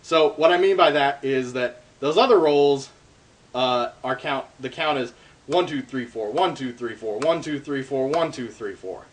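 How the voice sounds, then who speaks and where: This relaxed darbuka lesson comes from a man with a medium-pitched, unhurried voice who explains drum rolls step by step. He uses plenty of ums and uhs, and drumming can be heard between his phrases.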